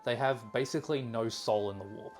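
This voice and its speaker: A man's voice: mid-range voice, a little fast, over music. Man rambling through a story. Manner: rambling storyteller, restarts, acts out quotes. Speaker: podcast host explaining the lore. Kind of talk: casual chat.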